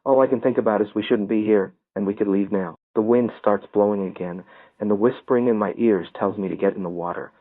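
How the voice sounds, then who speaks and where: A man reading a first-person story aloud as an audiobook narrator, telling it in a steady storytelling manner. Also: fairly low pitch, a little fast, no room sound. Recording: tinny phone-like dry sound.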